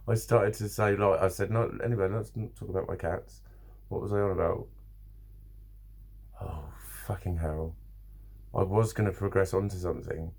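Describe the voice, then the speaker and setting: A man's voice: deep voice, gravelly, darkish tone, breathy edge. A man talking to camera in a rambling, casual vlog, swearing often and restarting his sentences. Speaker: vlogger.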